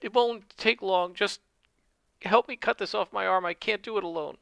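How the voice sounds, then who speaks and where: A man's voice: sits high, moderate pace, creaky, a bit bright, no echo, voice pushed up. A man voicing a young woman cultist who sobs and pleads while faking distress in a tabletop game. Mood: pleading, tearful. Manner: sobbing, pleading.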